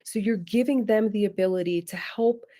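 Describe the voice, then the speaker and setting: A woman's voice: mid-range voice, moderate pace, mellow. A middle-aged woman presenting a parenting webinar, talking in an earnest, coaxing way with emphatic repetition. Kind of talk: instructive webinar talk.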